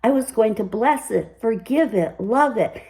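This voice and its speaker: A woman's voice: fairly high pitch, expressive, a little slow, mellow, poor audio. An older woman hosting a personal commentary, telling her story in an emphatic, upbeat way. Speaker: commentary host.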